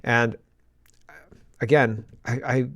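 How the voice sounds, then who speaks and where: A man's voice: mid-range voice, fairly even intonation, takes it slowly, a bit bright, dry recording, clean studio sound. A man hosting a political commentary show, talking in a rambling, sarcastic monologue with frequent laughs.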